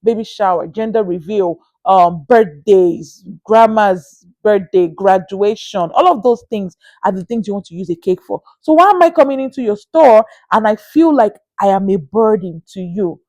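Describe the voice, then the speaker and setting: A young Nigerian woman with a Nigerian accent, telling a story to camera in a casual, animated and exasperated way, with sighing asides. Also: medium pitch, normal speed, few pauses, no echo. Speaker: vlogger.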